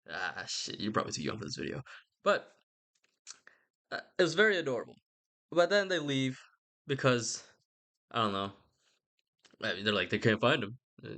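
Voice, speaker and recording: A man's voice: lowish voice, a bit bright. A man rambling casually about a book, slangy and irreverent, often stopping to correct himself. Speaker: video essayist.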